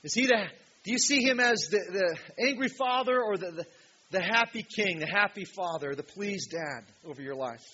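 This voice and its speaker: Guy preaching a sermon, kinda high bright voice, goes loud then hushed, muffled lo-fi recording w/ light hiss. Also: lively intonation, normal speed, slightly rough. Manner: emphatic preaching with sudden loud peaks and quiet drops. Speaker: pastor. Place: church hall with a projection screen. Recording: dull lo-fi sound with faint hiss.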